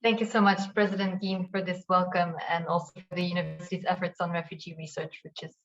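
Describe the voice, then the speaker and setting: Gravelly-voiced woman moderating a session. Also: lowish voice, level tone, quick pace, dull audio, slight background noise. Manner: friendly, with filler ums. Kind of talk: moderating an online conference.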